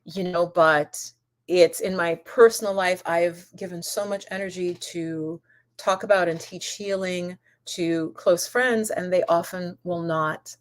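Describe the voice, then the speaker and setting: A woman's voice: on the low side, fairly even intonation, a little slow. A woman hosting a holistic wellness channel, chatting casually on a live stream, answering comments and calling viewers goddess and my love. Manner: rambling, with many restarts and asides.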